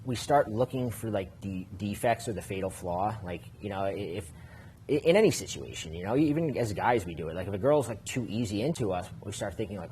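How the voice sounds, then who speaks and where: A man's voice: on the low side, animated, fairly quick, a little mellow, a little hiss or hum. A man who works as a dating coach, explaining casually on a podcast with many fillers and restarts.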